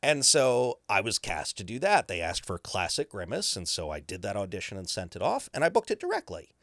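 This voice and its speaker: Male voice actor, animated interview guest, very expressive pitch, dry close mic. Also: fairly quick, creaky, dry recording. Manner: lively, breaks into character voices and laughs.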